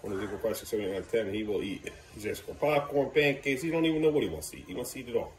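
A father talking straight into a handheld camera at home, his mid-pitched voice jumping up and down as he teases and coaxes his kids. He sounds casual and playful, with a faint hiss of background noise behind him. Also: expressive, very fast. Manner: playful, talks to his young sons in a teasing, coaxing way. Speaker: dad vlogging with his kids. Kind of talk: casual family vlog chat. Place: family home kitchen. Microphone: handheld camera filming himself.

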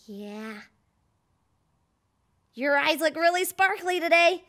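A woman voicing a chatty, excitable little boy puppet who hosts a children's show and talks straight to the viewer. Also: extremely high pitch, takes it slowly, exaggerated voice. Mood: cheerful. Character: playful little boy puppet, pre-school vlogger.

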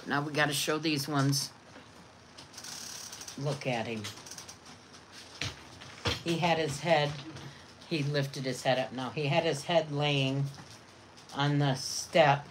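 Slow, low-voiced woman. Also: fairly even intonation, noisy background. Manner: doting baby talk to her dogs. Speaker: vlogger. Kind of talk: casual chat to viewers and pets.

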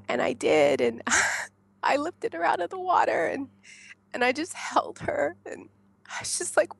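A woman from the United States, a podcast guest, tells her story in a casual, animated way. She laughs often and acts out what she shouted back then. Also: high-pitched, slow, gravelly, pauses often, no room sound.

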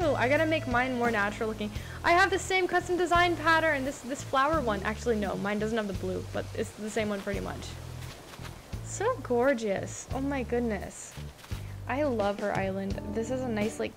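A woman's voice: a little high, rough recording. A young woman in casual reaction commentary, touring a video game island and gushing, repeating words as she reacts. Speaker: gaming vlogger. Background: game background music.

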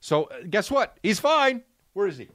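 A man's voice: high-pitched, sing-song, normal speed, a bit bright, dry recording, studio quality. A man in his thirties, a comedian and podcast host, telling a rambling, profane comic story.

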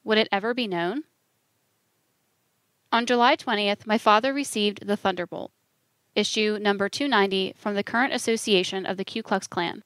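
A woman's voice: medium pitch, a bit bright, dry recording. Dry, earnest woman audiobook narrator. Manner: measured, earnest storytelling. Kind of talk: scripted first-person narration.

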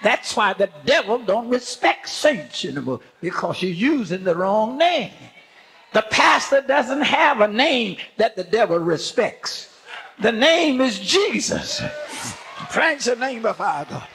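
A fervent older man preaching a sermon, his gravelly voice pitched high for a man. He delivers it slowly and deliberately, swinging widely up and down, and punctuates his points with praise and sudden shouts. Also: big pitch swings. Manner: fervent preaching with frequent hallelujahs and shouted emphasis. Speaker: bishop preaching.

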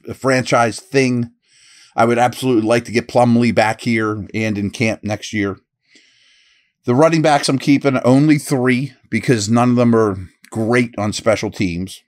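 A man hosting a solo football analysis podcast, talking through his roster picks in a casual, conversational way, thinking aloud as he goes. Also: fairly low pitch. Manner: upbeat read of a sponsor ad. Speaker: podcast host and football scout.

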